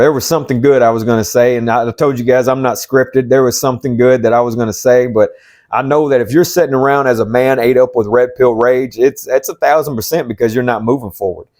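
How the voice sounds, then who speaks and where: A man's voice: medium pitch, a little mellow. A man, talking to the camera unscripted as a life coach, blunt and profane, repeating himself for emphasis. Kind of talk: unscripted motivational monologue.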